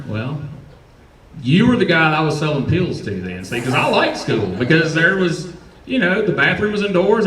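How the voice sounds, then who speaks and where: A man's voice: fairly high pitch, recorded from a distance, noisy background. A man in his forties with a Southern US accent doing a profane, rambling, self-mocking stand-up set on a comedy club stage. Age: 40s. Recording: roomy club sound from off-mic.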